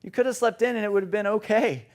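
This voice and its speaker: A man's voice: high-pitched, quick pace. A young man giving a storytelling sermon in a church, self-deprecating and rambling with many fillers. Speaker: preacher. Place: church sanctuary.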